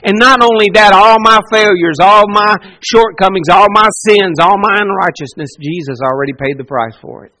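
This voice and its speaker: High-voiced impassioned male preacher. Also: normal speed, hardly any pauses, bright, forceful tone, rough recording. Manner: impassioned, repetitive preaching with dramatic quoted speech. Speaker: pastor. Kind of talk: sermon.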